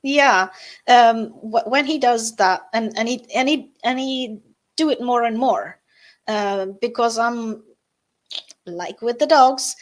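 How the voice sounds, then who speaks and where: Woman, Norwegian accent, slow-paced, hesitant, lots of ums, interview guest. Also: on the high side. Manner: soft-spoken, hesitant, many fillers and restarts. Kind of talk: live interview conversation.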